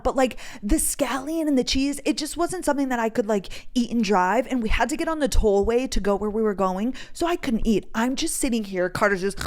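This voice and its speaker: A young woman on her podcast, talking casually and swearing freely as she tells a long everyday story. She acts out what others said along the way. Her voice is smooth and clear, at an ordinary pitch for a woman. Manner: chatty, swears freely, lively quoting of others. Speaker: podcast host.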